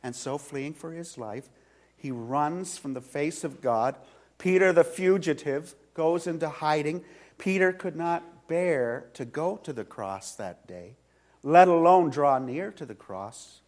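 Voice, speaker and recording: A male pastor preaching a sermon in a church, retelling a story slowly with dramatic swings from loud to hushed. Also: a little high. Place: church sanctuary.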